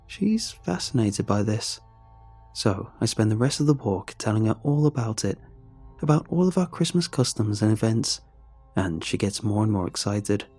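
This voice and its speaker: A man's voice: fairly low pitch, expressive, normal speed, darkish tone, husky, faint music behind. A man narrating a first-person adventure story in a wry, conversational way, speaking the lead's lines himself.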